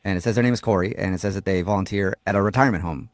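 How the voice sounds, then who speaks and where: Fast-talking male radio host, dry mic. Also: sits low, dry recording. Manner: teasing, laughs often. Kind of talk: morning radio call-in banter.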